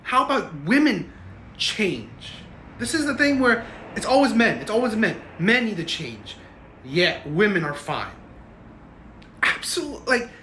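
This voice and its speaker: A man's voice: on the high side, sharp tone, a little hiss or hum. A man hosting reaction commentary, ranting and tagging his points with "right?". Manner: ranting, keeps asking "right?". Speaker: commentary host. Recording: echoey room.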